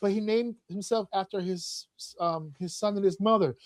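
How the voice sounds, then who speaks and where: Podcast host, man, high-ish voice, dry close mic, profane and animated, slips into mocking voices. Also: moderate pace, no room sound. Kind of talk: casual chat.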